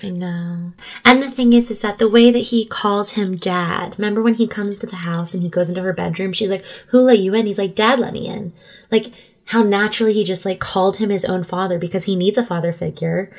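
A woman co-host talks through a film in a casual, earnest manner. She sounds agreeable and engaged, with a middle-pitched, everyday voice. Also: steady tone, a little fast, few pauses. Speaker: podcast co-host.

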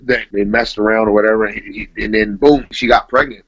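A man's voice: on the low side, steady tone, a little fast, a bit bright. A man in his thirties, telling his life story in a casual interview, laid-back and tacking "man" onto nearly every sentence. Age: 30s. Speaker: interview guest. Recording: dull lo-fi recording.

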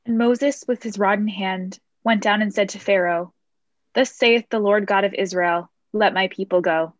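A woman declaiming a sermon poem loudly, standing away from the mic. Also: medium pitch, fairly even intonation, moderate pace, no room sound. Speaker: reader. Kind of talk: dramatic recited sermon poem. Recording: dry, dull lo-fi recording.

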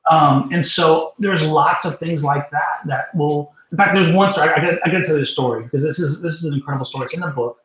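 A man, a guest, tells a faith story in an animated way, stumbling over and repeating words as he goes. His voice sits a little high for a man. It comes through a dull, echoey remote line, like a video call. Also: fast, few pauses. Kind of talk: storytelling testimony.

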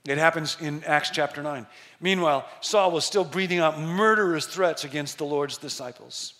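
A middle-aged male pastor preaching a sermon, telling a story with emphasis and slowing down to stress key words. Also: fairly high pitch, pushed and bright.

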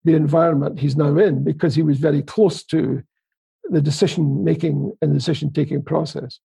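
A man's voice: a little high, steady tone, normal speed, vocal fry, dark tone, husky. A Scottish man interviewing a guest in a casual political chat, asking wry, teasing questions. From Scotland.

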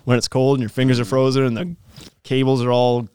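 A man's voice: medium pitch, little pitch movement, a little fast, darkish tone, clean tone, dry recording, clean studio sound. A man hosting a podcast in casual chat, joking and ranting with a laugh. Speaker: podcast host.

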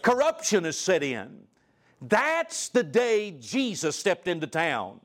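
A male guest preacher delivering a sermon, reading scripture aloud and asking the congregation direct questions, his pitch and loudness swinging widely. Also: wildly swooping pitch, slow pace. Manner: reads scripture aloud in old-style wording; asks the listeners direct questions.

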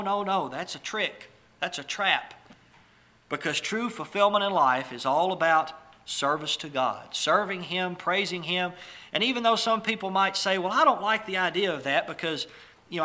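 Man, sermon, conversational preacher, bright tone, slightly high pitch. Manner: conversational, storytelling asides with restarts.

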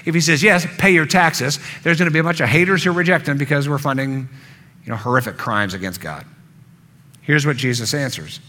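A man's voice: mid-range voice, a little fast, pushed and bright. A man preaching a sermon, earnest, building emphasis through repetition. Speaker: pastor.

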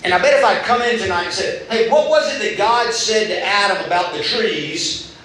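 A man preaching a casual, animated sermon, retelling scripture in everyday talk. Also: sits high, normal speed, a crowd in the background. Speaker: youth pastor. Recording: echoey hall from far off.

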